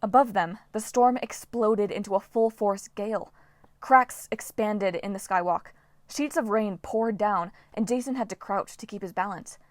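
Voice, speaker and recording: A woman's voice: medium pitch, unhurried, dry recording. Woman narrating a story, dry close sound. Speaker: audiobook reader. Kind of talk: fan audiobook narration.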